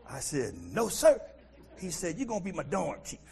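A middle-aged American man preaching a sermon as pastor, animated, swinging from loud outbursts to quiet asides. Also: a little high, fast talker, creaky, faint music behind. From United States.

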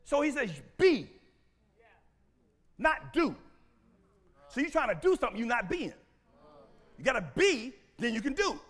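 High-voiced, bright male preacher. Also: moderate pace, long pauses. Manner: animated, calls out to congregation, bursts into shouts; playful, teasing, laughs often. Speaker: pastor. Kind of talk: sermon.

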